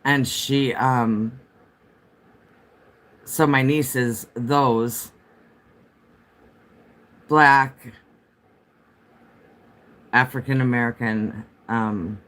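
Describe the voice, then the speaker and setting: A man's voice: medium pitch, fairly even intonation, drawn-out words, long pauses, fairly bright tone. A man chatting casually on a home livestream, rambling from topic to topic and answering viewer comments as they come in.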